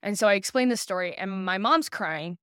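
An earnest young woman in her twenties tells her own story as a podcast guest, slipping into the voices of the people she quotes. Her voice sits at an everyday middle pitch. The room is dry and close. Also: expressive, moderate pace, fairly bright tone, smooth, no room sound. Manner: earnest, acts out quoted dialogue. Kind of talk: personal storytelling in an interview.

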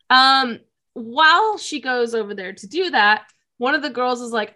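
A woman, co-hosting a podcast and telling an anime plot with lively acted-out quotes and frequent laughter. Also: fairly high pitch, a little slow. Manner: animated storytelling, laughs often, acts out quotes. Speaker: podcast co-host. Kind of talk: casual chat recapping an anime.

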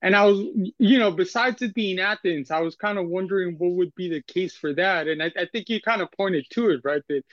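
A man with a high voice joins a relaxed discussion, speaking eagerly and hedging his points. His sound is dull and lo-fi. It is also dry and close. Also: fairly quick, few pauses, no echo. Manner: eager, hedging, with frequent "right?" tags. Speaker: discussion participant. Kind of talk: casual seminar discussion.

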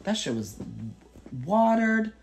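Brash young man with a very lively pitch. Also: slow, soft background music. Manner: brash, swearing, playful. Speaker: podcast co-host. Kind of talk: casual chat.

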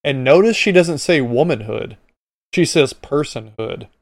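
A man's voice: on the high side, animated, unhurried, gravelly, no echo, studio quality. A man hosting a podcast, commenting bluntly and with exasperation on a hearing clip. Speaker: podcast host.

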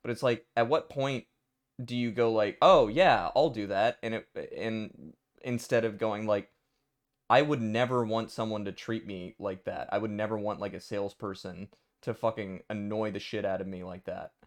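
A man's voice: fairly low pitch, steady tone, moderate pace. A man co-hosting a casual podcast chat, rambling with many fillers.

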